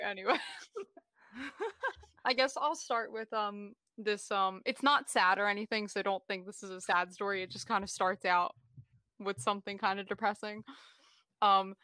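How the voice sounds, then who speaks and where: A woman in casual chat, telling a story in a relaxed way with fillers. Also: medium pitch, moderate pace, clean tone, no echo, studio quality.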